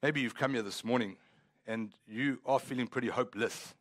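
A man's voice: medium pitch, normal speed. A man pastor preaching a sermon in a church, talking conversationally and rising into emphatic swells.

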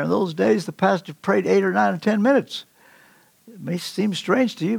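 Older male preacher, gravel in the voice, dry sound, storytelling delivery with big emphatic leaps. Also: sits high, moderate pace, no echo. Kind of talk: sermon.

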